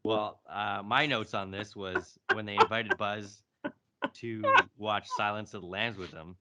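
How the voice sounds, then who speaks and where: A man's voice: fairly low pitch, unhurried, heavy background noise. A man co-hosting a casual review podcast, recapping the plot with dry jokes. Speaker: podcast co-host.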